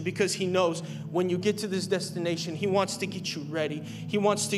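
A young man preaching a sermon from the pulpit, emphatic and repeating his key phrases. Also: sits high. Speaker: pastor. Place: church sanctuary.

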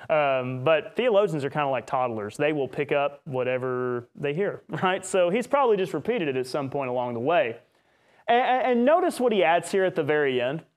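A man with a slightly higher voice teaches a Bible study session in the manner of a preacher. He is animated and throws in joking asides and mock voices as he makes his point.

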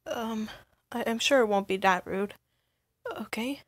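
A woman's voice: a little high, unhurried. A young woman playing a shy, lonely undead young being in a role-play spoken to the listener, stuttering and hesitant.

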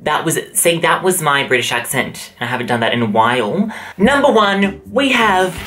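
Animated, theatrical Australian man. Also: on the high side, moderate pace, soft background music. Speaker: YouTuber. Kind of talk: casual taste-test vlog.

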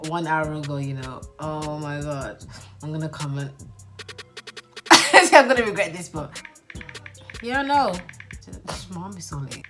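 A young woman talks straight to her phone camera in a casual, giggly vlog. Her voice sits a little low, and she stretches her exclamations out. Faint music plays softly behind her. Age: young adult. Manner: chatty and giggly, drawn-out exclamations. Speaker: vlogger. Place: bedroom.

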